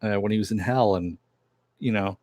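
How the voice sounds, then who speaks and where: A lower-pitched man talks through a TV episode recap in a relaxed, meandering way, with a chuckle here and there. His voice sits close and dry, with almost no room sound. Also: normal speed, no echo. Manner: rambling retelling that acts out quoted dialogue, chuckling now and then. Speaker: TV series reviewer.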